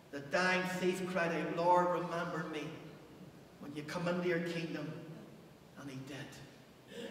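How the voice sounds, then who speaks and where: A male pastor preaching a passionate sermon in a church, surging loud and then falling almost to a hush. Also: a little high. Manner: impassioned preaching, rising and dropping to near hush. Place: church hall. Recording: echoey church hall, distant mic, faint hum.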